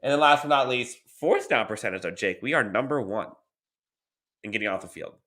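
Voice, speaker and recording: A man's voice: mid-range voice, expressive, brisk, pushed and bright. A man co-hosting a sports podcast, rattling off team stats in casual chat with dry laughs. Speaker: podcast co-host.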